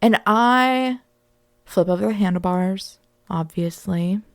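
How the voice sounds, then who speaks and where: A young woman hosting a podcast, telling a candid personal story in a reflective, animated way. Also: medium pitch, slow pace, no room sound, clean studio sound. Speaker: podcast host.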